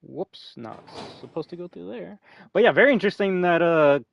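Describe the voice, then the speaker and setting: A man's voice: high-pitched, animated, normal speed, vocal fry, highs cut off. A man streaming a game, chatting casually with nerdy asides and plenty of swearing. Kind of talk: casual gameplay commentary.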